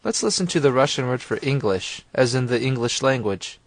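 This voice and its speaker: A man reads a language lesson in a calm, clear voice, guiding the listener step by step. His pitch sits in the middle range, and the recording is dry and close, with no room sound. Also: a little fast, no echo. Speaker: language course narrator. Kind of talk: scripted instructional narration.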